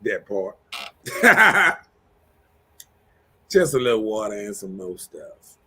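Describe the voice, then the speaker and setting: A man's voice: lowish voice, very animated, takes it slowly, sharp tone, slightly rough. A man hosting a casual live-stream chat, joking and laid-back as he talks. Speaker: show host.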